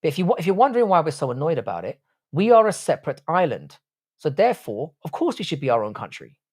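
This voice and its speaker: A man's voice: fairly high pitch, sing-song, fast. A man with a British accent, a streamer and university professor, answering his live chat in a crude, blunt, joking way. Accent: British English. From Ireland, raised in England.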